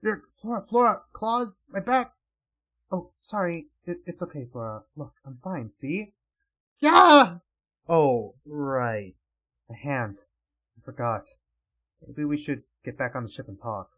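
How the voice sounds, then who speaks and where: A man voicing a calm young male mage in a quiet, reassuring webcomic reading. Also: a little high, a little slow, voice pushed down.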